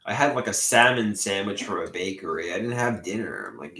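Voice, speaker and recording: A man rambles through a live stream from his room, cursing often and circling back to the same complaints. His voice sits low but swings widely in pitch, with a bright, sharp edge. The room around him sounds echoey. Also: very animated, moderate pace, few pauses. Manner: rambling, profane, repeats himself. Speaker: livestreamer. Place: own room at home.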